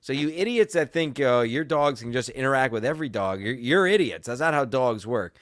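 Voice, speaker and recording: A man's voice: medium pitch, animated, a little fast, a bit bright, dry recording, studio quality. A man hosting a podcast, telling a story in a crude, combative and profane rant. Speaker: podcast host. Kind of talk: casual ranting chat.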